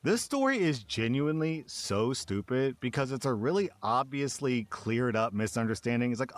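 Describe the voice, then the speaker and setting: An American man giving casual, animated commentary on stories, jumping into mock outraged voices. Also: mid-range voice, normal speed, few pauses, no room sound. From United States. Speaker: host reading and reacting to online stories.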